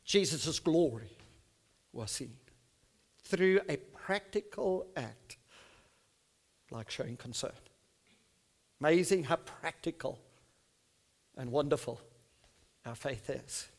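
A man in his fifties preaching a sermon to his church, reading scripture slowly and emphatically, then dropping his voice to soft asides. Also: on the high side, lively intonation. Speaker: pastor. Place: church service.

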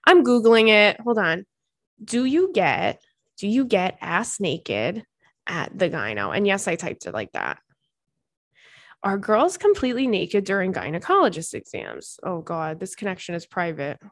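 A woman's voice: medium pitch, sing-song, no room sound, clean studio sound. A woman in her thirties hosting a podcast, chatting candidly with frequent swearing and reading out listener letters. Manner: candid, swears freely, quick asides. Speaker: podcast host.

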